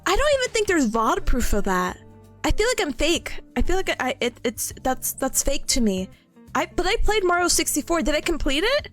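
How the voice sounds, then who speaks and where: Bubbly high-voiced woman streamer. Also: big pitch swings, moderate pace, soft background music. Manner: giggly, bubbly, greets chat warmly. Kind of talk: casual live-stream chat.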